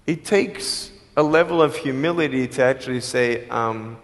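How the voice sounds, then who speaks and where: A man with an Australian accent giving a live motivational speech, telling his story emphatically and swinging between loud and hushed. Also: mid-range voice, moderate pace, hardly any pauses. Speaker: motivational speaker. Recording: long hall reverb.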